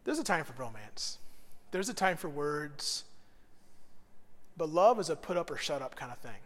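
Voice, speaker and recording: A pastor delivers a sermon in a high, bright-edged voice. He moves from quiet, earnest passages to loud, emphatic bursts. His voice rings with a long reverb in a church sanctuary. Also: big pitch swings, normal speed. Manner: conversational, swings from hushed earnestness to loud bursts.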